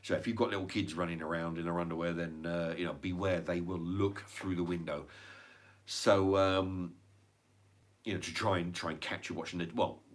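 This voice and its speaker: A man's voice: low voice, steady tone, normal speed. An English man, middle-aged, ranting in a rambling casual monologue full of restarts and swearing. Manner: rambling, swears a lot, many restarts and fillers. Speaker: channel host.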